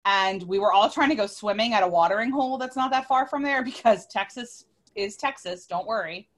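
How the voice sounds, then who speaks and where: A woman in her thirties, a bit tipsy, telling a long story on a podcast in an animated, sweary way, often cutting herself off mid-word. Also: medium pitch, fairly quick. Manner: animated, swears freely, self-interrupting. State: tipsy from drinking. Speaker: podcast co-host. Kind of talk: casual storytelling chat.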